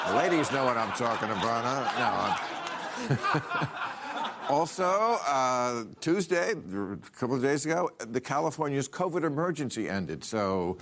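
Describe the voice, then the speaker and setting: A man's voice: medium pitch, very animated, a little slow, pauses often, a little hiss or hum. An older man as a talk show host, delivering a sardonic stand-up monologue in a studio. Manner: sardonic, punchy joke delivery. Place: TV studio with live audience. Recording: loud crowd laughter and applause.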